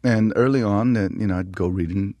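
A middle-aged man from New Mexico, an actor guest telling animated stories in an interview. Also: fairly low pitch, a little fast, no room sound. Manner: animated storyteller, acts out voices. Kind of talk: interview conversation.

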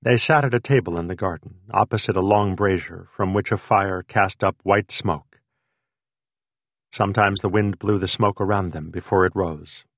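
A man narrating an audiobook in unhurried, lyrical phrasing. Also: deep voice, no echo, clean studio sound.

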